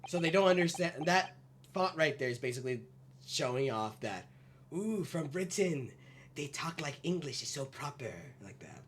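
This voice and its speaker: A woman's voice: sits low, moderate pace, slight background noise. A woman doing casual let's play commentary on a game, joking around and swearing freely. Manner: animated, jokey, swears freely. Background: game music.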